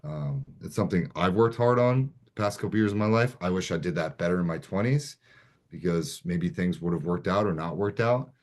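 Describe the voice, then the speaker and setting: A man's voice: low-pitched, lively intonation, fairly quick, a little mellow. A man in his thirties on a group video call, talking in an earnest, reflective way. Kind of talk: casual chat.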